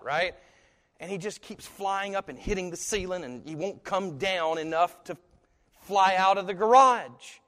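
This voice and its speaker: Pastor preaching in a reverberant hall. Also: male voice, on the high side. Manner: dramatic swings from hushed to loud, slow emphatic phrasing. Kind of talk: sermon. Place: church sanctuary.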